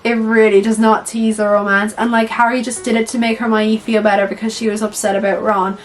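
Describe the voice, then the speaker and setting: A woman's voice: a little high, level tone, brisk, faint music behind, poor audio. A young woman, chatting casually through a film tier list, full of "like" and swearing freely. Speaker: vlogger reviewing films.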